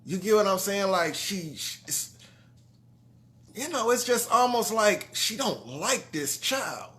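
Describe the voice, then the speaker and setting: A man's voice: high-pitched, very animated, slow. A man telling a heartfelt personal story to his audience, earnest and conversational, often checking in with "you know what I'm saying". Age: adult father of grown sons. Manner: trailing restarts and soft drops in level.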